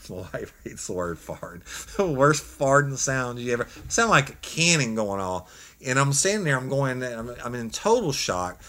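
A man, a former police officer, telling a funny story in a casual, animated way with laughs. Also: mid-range voice, normal speed, a little hiss or hum.

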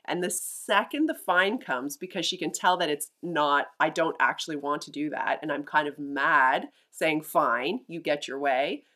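A woman's voice: deep voice, moderate pace, hardly any pauses, bright, forceful tone. A middle-aged woman, a mother co-hosting a casual chat, thinking aloud and restarting her sentences with repeated words. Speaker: mother and podcast co-host.

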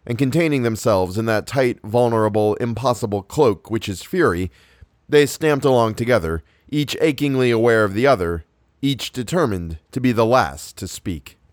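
A man narrating a novel as an audiobook in a measured, unhurried way. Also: medium pitch, animated, no echo, clean studio sound. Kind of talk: audiobook reading.

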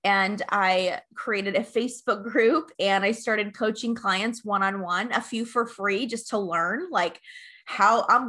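A woman in her thirties, a life coach, telling her story in a casual podcast interview, earnest and animated, laughing often. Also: medium pitch, slow.

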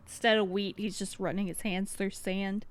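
A woman in a mid-range voice co-hosting a relaxed podcast chat. She laughs easily and jumps in with quick jokes. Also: medium pitch. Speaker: podcast co-host. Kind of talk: casual book discussion.

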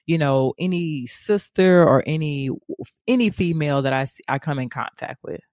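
A woman co-hosting a casual chat, animated and slangy, quick to laugh. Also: sits low, dry recording, clean studio sound.

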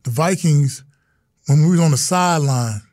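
With a slightly high, darkish voice at a normal speed, a middle-aged former pro footballer tells stories in a casual interview. He speaks earnestly and performs the voices of people he quotes, recorded with no echo.

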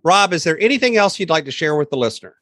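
A man's voice: a little high, sing-song, quick pace, a bit bright, dry recording. A man hosting a podcast, reading out the guest's links in a plain, matter-of-fact way. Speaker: podcast host. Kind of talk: scripted outro read.

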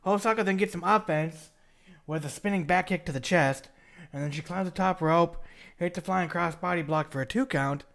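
A man's voice: sits high, moderate pace, vocal fry, fairly bright tone. A man hosting a casual podcast chat, rambling through a recap with laughs and restarts. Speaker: podcast host recapping wrestling.

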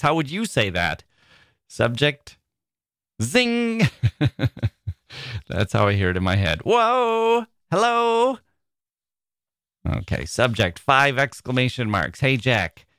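A man's voice: on the low side, lively intonation, normal speed, fairly bright tone, no echo, studio quality. A man hosting a literary podcast, playful and theatrical, often laughing at himself, with a voice a listener called squirrel-like. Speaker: podcast host.

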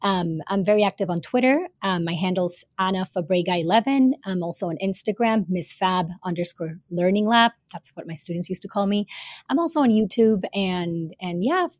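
A woman's voice: mid-range voice, a little fast, no room sound. A woman, a former teacher and author, talking earnestly as a podcast guest, with many fillers and repeated words. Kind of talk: casual interview talk.

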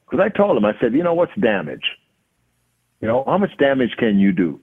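A man, a hitting coach and podcast guest, telling a lively story and acting out the dialogue. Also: mid-range voice, fairly quick, breathy edge. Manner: acts out quoted dialogue. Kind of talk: animated storytelling. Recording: tinny phone-like line.

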